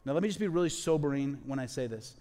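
A man preaching a sermon as pastor, animated and acting out quoted voices as he speaks. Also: mid-range voice, fast talker, big-room sound.

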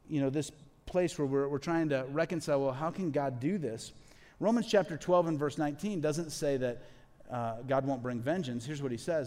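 A man preaching a sermon as pastor, animated and acting out quoted voices as he speaks. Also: fairly high pitch, long reverb tail.

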